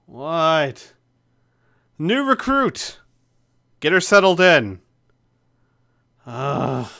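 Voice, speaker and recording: Bright-voiced man running a tabletop game. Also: on the low side, smooth. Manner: relaxed, with fillers and laughter. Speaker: game master.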